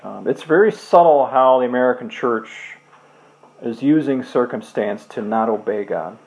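A man's voice: medium pitch, lively intonation, moderate pace, a little mellow, low-quality recording. A man preaching a casual, earnest sermon, reading scripture and leading a closing prayer. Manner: earnest, loose and conversational, with restarts.

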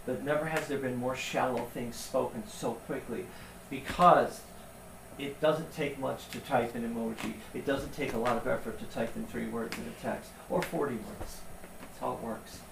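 A man preaching a sermon in a conversational, animated storytelling way. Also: mid-range voice, normal speed, creaky, background noise. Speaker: pastor. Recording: roomy sound from a distance.

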